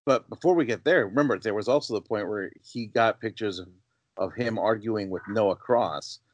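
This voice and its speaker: A man's voice: fairly low pitch, normal speed. A man co-hosting a podcast in casual film discussion, recounting scenes in a conversational, analytical way. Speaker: podcast co-host.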